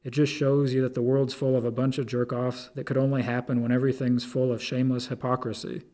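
A man's voice: medium pitch, level tone, fast talker, dark tone, close to an everyday voice. A man voicing a stern, zealous young man who speaks bluntly and insistently in a storybook reading.

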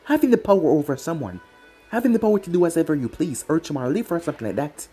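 Fanfic narrator reading an action story, dramatic, animated up-and-down delivery, soft music under it. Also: mid-range voice, racing, breathy edge. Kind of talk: fan-fiction reading.

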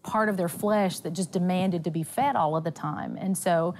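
A woman's voice: on the low side, moderate pace, a little hiss or hum. A woman from Nashville with a Southern accent, a guest telling stories about faith and health. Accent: Southern American. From Nashville, USA. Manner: animated storytelling with quoted voices.

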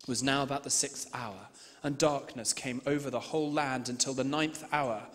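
A man preaching a sermon and reading scripture, moving between loud emphasis and hushed, slow passages. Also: mid-range voice, fairly even intonation. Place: large church hall. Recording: reverberant hall sound.

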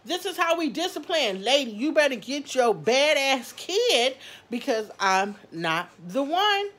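A woman vlogger telling a story to her viewers, animated and laughing as she talks. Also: sits high, measured pace. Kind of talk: storytime vlog.

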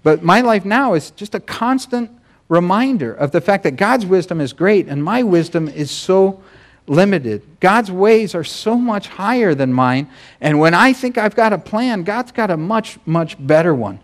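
A man in his thirties, a pastor, giving a sermon in a conversational, animated storytelling way. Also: high-pitched, a little slow.

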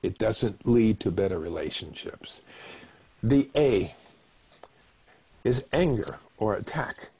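Husky-voiced older man, slow reflective talk. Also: fairly low pitch, lively intonation, dark tone. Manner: slow, reflective, acts out short quoted exchanges. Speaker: doctor giving a meditation talk. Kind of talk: calm webinar talk on relationships. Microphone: webinar microphone.

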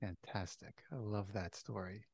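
A man's voice: lowish voice, steady tone, a little slow, creaky, no room sound, clean studio sound. A man hosting an interview, reacting to his guest with short affirmations and then moving on to follow-up questions. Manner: brief warm affirmations, then probing questions. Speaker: podcast host.

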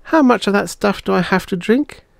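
A fussy, suspicious little girl turned chicken whines in a high, lively voice, as a man puts her on. She complains and pleads with every line. The storybook voice sounds close and dry. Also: normal speed, creaky, no room sound, exaggerated voice. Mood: wary. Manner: whiny and complaining.

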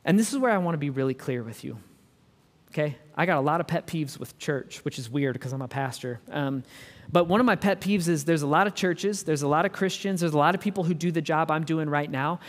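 A man's voice: fairly high pitch, a little fast. A man in his thirties preaching a candid, conversational sermon as pastor, acting out the voices he quotes. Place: church auditorium. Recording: long church hall reverb.

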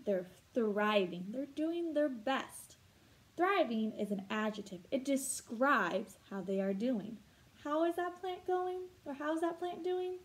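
A woman teacher explaining vocabulary words slowly and clearly, asking her listeners questions as she goes. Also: a little high, a little mellow, poor audio. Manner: slow, clear teacher talk with rhetorical questions. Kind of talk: read-aloud vocabulary lesson.

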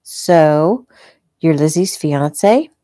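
A woman reading the part of a glamorous, confident club owner with a smooth, breezy way of talking. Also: low-pitched, expressive, extremely slow, dark tone, dry recording, studio quality, heavily acted.

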